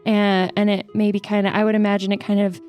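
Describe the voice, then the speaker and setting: A woman's voice: mid-range voice, little pitch movement, a little fast, a little mellow. A woman playing in a tabletop game with a mid-range voice. She jokes and laughs with the table and narrates scenes vividly. Music plays faintly underneath. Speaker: player. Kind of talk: tabletop game player banter.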